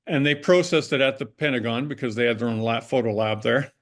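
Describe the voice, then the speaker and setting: A man's voice: medium pitch, fairly quick. An older man, a guest in an interview, telling anecdotes in a casual, rambling way with many restarts and self-corrections. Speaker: interview guest, former prop master.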